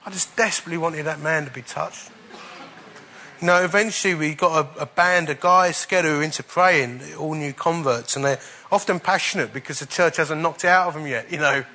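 Male preacher, fairly high and bright voice, lively testimony-style sermon with chuckles. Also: fairly quick. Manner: animated testimony, chuckling through the funny parts. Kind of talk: storytelling sermon.

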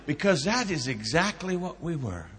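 High-voiced preacher in a reverberant hall. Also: male voice, sing-song, normal speed. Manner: builds to loud emphatic peaks, drops to hushed storytelling. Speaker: pastor. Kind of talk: sermon.

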